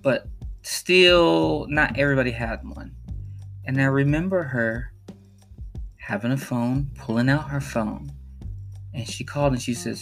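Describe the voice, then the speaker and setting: A man's voice: mid-range voice, unhurried, gravelly, pauses often, a bit bright, faint music behind. Earnest man telling a personal story. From Chicago. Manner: earnest, emphatic, repeats phrases for emphasis. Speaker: podcast host.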